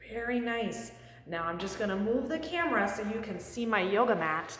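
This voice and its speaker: In an echoey studio with long reverb, a woman guides children through a yoga class, playful and encouraging in a sing-song delivery. Her voice is medium in pitch and a bit bright, with lively intonation and a moderate pace.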